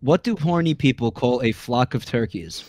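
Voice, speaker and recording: A man on a stream reading out a list of jokes in a weary, deadpan way, sounding exasperated. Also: mid-range voice, normal speed, no room sound. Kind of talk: casual stream chat.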